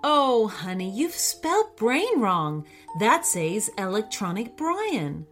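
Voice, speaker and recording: A woman voicing a gentle, patient mother who speaks softly and reassuringly. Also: mid-range voice, sing-song, slow pace, soft background music. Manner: soft, reassuring.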